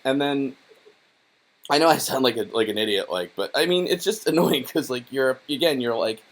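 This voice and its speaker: A man's voice: medium pitch, normal speed. A young man casually reading through a children's book on camera, mocking it with profane, rambling, sarcastic asides full of fillers. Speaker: YouTuber reviewing a children's book.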